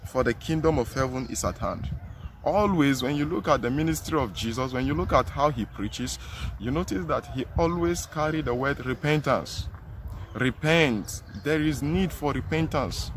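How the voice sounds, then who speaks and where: A man's voice: fairly high pitch, fairly bright tone, slight background noise. A man with a Nigerian English accent preaching a sermon outdoors, earnest and emphatic, repeating his phrases.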